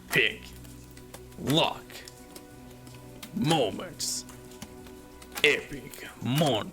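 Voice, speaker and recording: A man's voice: on the high side, very animated, unhurried, long pauses, a bit bright, faint music behind. A man playing a game and commenting, laughing and swearing a lot. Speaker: gamer. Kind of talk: let's-play commentary.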